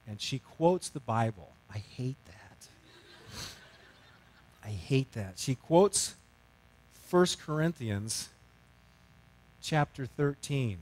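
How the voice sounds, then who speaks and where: A middle-aged male pastor telling a story in a sermon, self-mocking and animated, swinging from loud to hushed. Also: mid-range voice, slow pace, pauses often.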